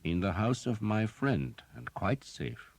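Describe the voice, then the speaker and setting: A man voicing a sardonic old male physician with a slow, dry, ironic delivery. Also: on the low side, expressive, darkish tone, no echo, voice pushed up, heavily acted. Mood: wry.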